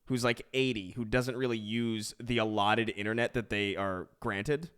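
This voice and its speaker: A man's voice: fairly low pitch, steady tone, normal speed, a bit bright, smooth. A man chatting casually with friends, rambling and laughing as he spins wild hypotheticals.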